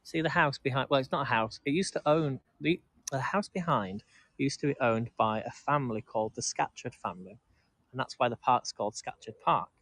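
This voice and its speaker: Briskly and with a slightly bright mid-range voice, an English vlog host walks through a park talking to live-stream viewers. He meanders, restarts, and laughs, and the sound has no echo.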